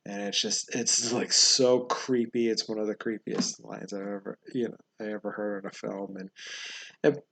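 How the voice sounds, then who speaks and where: A man hosting a casual movie review, talking in a halting, rambling way with many fillers and frequent chuckles. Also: lowish voice, little pitch movement, creaky, fairly bright tone, breathy edge. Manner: chuckles often while talking.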